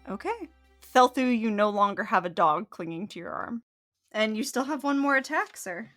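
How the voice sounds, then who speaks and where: A woman's voice: fairly high pitch, moderate pace, soft background music. Easygoing woman running a tabletop game. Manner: relaxed, easygoing rulings. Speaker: game master.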